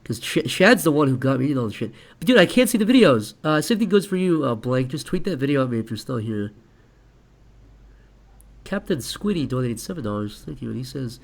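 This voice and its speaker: A man's voice: mid-range voice, sing-song, fairly quick, gravelly. Joking male streamer reading donations. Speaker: streamer host. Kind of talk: casual live stream chat.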